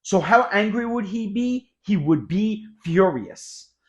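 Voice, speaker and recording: A man teaching English expressions, explaining each word in an energetic classroom manner and acting out the example sentences. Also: high-pitched, slow pace, lo-fi sound. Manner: animated, acts out example sentences.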